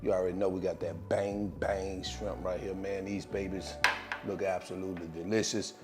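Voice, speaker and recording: A man's voice: low voice, level tone, moderate pace, loud music behind the voice. A man hosting a casual cooking video, talking viewers through the dish in a laid-back way and hyping the food. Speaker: cooking channel host.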